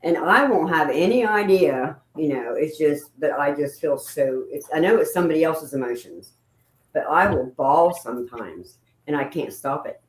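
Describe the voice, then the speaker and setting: A woman's voice: low voice, expressive, normal speed, reverberant, low-quality recording. A woman, a paranormal investigator telling emotional, rambling stories in casual chat.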